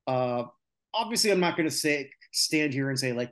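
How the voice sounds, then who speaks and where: A man's voice: medium pitch, sing-song, moderate pace, fairly bright tone. Opinionated man venting about sports. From North America. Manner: opinionated, ranting, many filler "uh"s. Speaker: podcast host. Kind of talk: casual sports chat.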